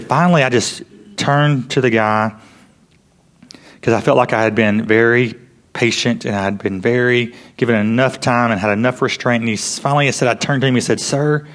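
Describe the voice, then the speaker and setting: A man preaching a sermon in an earnest storytelling way, often dropping to a hush for emphasis. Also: medium pitch. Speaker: pastor.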